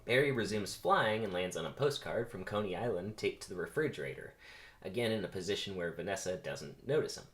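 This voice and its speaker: A man's voice: low voice, animated, fairly quick, fairly bright tone. A man reading a film script's stage directions in a dry, matter-of-fact way.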